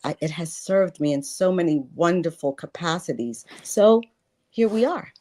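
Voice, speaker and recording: Warm and expressive, this sixties-aged woman's lowish voice moves at normal speed as she appears as an interview guest. A life and wealth coach, she talks earnestly about spiritual matters, repeating phrases for emphasis.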